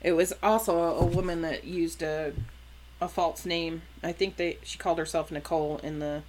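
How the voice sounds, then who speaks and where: A woman with a notably low voice tells a long story in casual conversation. She talks loosely, stopping and restarting her sentences and filling pauses with "um" and "like.". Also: fairly even intonation, darkish tone, slight background noise. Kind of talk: casual chat.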